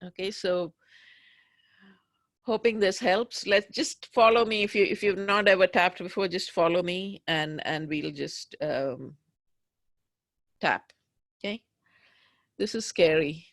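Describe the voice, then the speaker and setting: Slow gravelly woman doing a tapping session, emphatic, pretty dry sound. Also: on the low side, dry recording. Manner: slow, emphatic, voicing raw anger and fear. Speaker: tapping practitioner. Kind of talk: guided tapping script.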